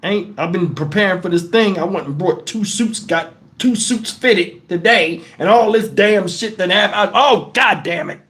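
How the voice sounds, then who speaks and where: A man's voice: high-pitched, moderate pace, hardly any pauses, a bit bright. A middle-aged man hosting a live stream, talking bluntly and profanely and sounding shaken as he answers his chat. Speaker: livestream host. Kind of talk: casual livestream talk.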